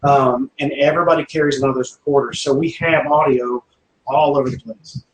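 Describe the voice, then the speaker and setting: A man's voice: mid-range voice, steady tone, a little fast. A man speaking as a paranormal investigator guest in casual chat, rambling with many fillers and restarts. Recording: roomy echo, faint background noise.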